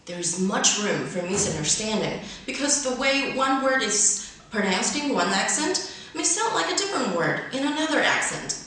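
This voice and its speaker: A woman presenting a scripted English lesson, explaining clearly and going through her points in order. Her speech rises and falls with a lively melody. She sounds distant in a very echoey room. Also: on the high side, normal speed, slight background noise. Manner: clear, structured, lists points one by one. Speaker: host and English teacher. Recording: echoey room, mic far away.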